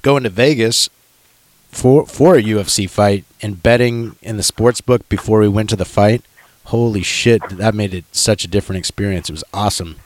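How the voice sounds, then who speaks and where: A man's voice: fairly low pitch, no room sound. A man from Washington state co-hosting a casual chat, laid-back and profane, laughing easily. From Washington state, USA. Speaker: podcast co-host.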